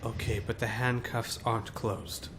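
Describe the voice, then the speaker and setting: Guy doing a jumpy wolf-man prisoner, suspicious, faint rumble behind. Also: big pitch swings, normal speed.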